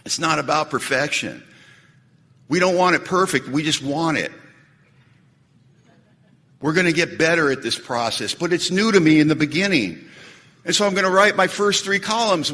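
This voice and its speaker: A man speaking at a recovery meeting, an animated storyteller who jokes and acts out quotes. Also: on the high side, normal speed, long pauses. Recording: echoey hall recording.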